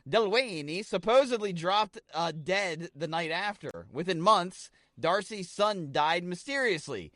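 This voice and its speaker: A podcast co-host who rambles excitably and swears freely as he tells local ghost lore. His voice sits a little high for a man. The mic sounds close and dry, with no room sound. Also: a little slow, hardly any pauses, no echo. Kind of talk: casual chat.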